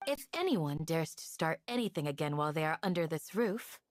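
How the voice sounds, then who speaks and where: A woman voicing a calm, dutiful female village guardian in a video game, who speaks in a formal, composed and polite way. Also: low voice, brisk.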